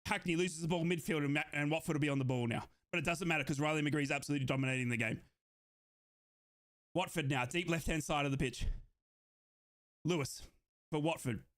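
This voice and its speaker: Breathless, shouting young male football fan. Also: a little high. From Australia. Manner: euphoric fan shouting and yelling over goals, then rapid play-by-play. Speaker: football watchalong streamer. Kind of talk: excited live match commentary for a watchalong stream.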